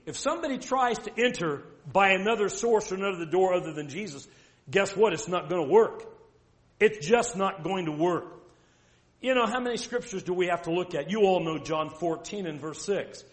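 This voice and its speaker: High-voiced man preaching emphatically. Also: a bit bright. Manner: emphatic, rhetorical questions, reads scripture slowly. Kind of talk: sermon.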